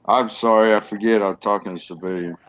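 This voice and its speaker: A man's voice: on the low side, steady tone, a little fast, fairly bright tone, highs cut off. A man, chatting easily in a folksy way on a video call. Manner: folksy, easygoing. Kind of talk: casual chat on a video call.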